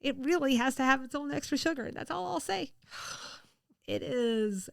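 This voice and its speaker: A woman's voice: high-pitched, lively intonation, normal speed, vocal fry, no room sound, clean studio sound. A woman co-hosting a podcast in casual chat, chatty with many fillers and frequent laughs. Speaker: podcast co-host.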